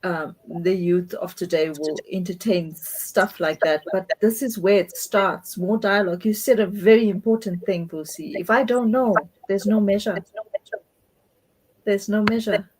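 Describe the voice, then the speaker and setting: A woman on a discussion panel answers the others in a warm, affirming way. Her voice is husky and a little breathy, and sits at a middle pitch. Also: steady tone, a little slow, low-quality recording.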